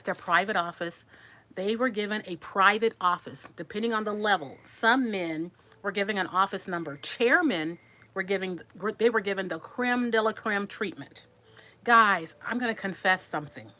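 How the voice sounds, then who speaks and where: A woman's voice: mid-range voice, sharp tone. A woman in her sixties telling a personal story to her viewers in a chatty, rambling way, restarting words and answering comments while resting after surgery. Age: 60s. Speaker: vlogger.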